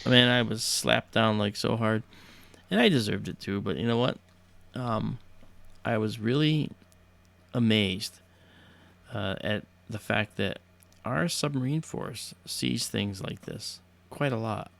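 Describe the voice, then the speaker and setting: A man's voice: on the low side, measured pace, vocal fry, a bit bright. A man hosting a livestream, telling a story casually in a hesitant way full of fillers and restarts. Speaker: livestream host.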